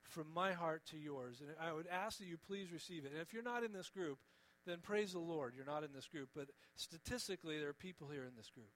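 A man preaching with a slightly higher voice, earnest and gentle. He pleads with his listeners and lets key words fall quiet. A faint mains hum sits under the recording. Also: a little fast, hardly any pauses, poor audio. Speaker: pastor. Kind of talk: sermon.

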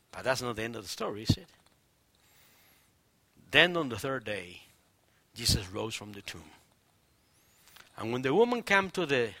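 A man preaching a sermon, telling a story with energy and acting out the people in it, swinging from loud declarations to hushed near-whispers. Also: medium pitch, dry recording. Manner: animated storytelling, acts out quoted voices. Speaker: pastor.

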